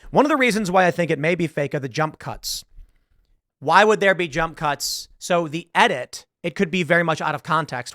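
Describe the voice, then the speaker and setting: A male show host delivers casual political commentary, rambling conversationally and acting out quotes along the way. His voice is a little high with a fairly bright tone, recorded cleanly in a studio with no echo.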